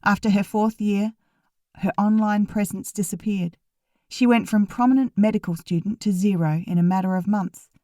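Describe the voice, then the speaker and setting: A woman narrating a first-person audiobook in an even, wry storytelling manner. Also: mid-range voice, no room sound, clean studio sound.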